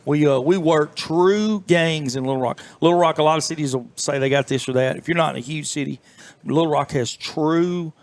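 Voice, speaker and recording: A man's voice: fairly high pitch, brisk. A middle-aged man, telling rambling, folksy stories as an interview guest. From southern United States. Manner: folksy, rambling, many fillers and restarts. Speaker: interview guest, former FBI agent. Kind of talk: storytelling in a casual interview.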